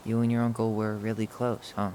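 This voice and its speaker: An actor playing an earnest, curious young man in a video game, with a soft-spoken, considerate manner. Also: lowish voice, completely flat delivery, brisk, a little hiss or hum, close to an everyday voice. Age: young adult. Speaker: game character.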